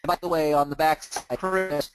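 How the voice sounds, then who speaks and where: A man hosting a live training, talking casually as he clicks through software on his screen and restarting words now and then. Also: a little high, fairly even intonation, normal speed, music in the background, poor audio. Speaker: host of a mortgage training group.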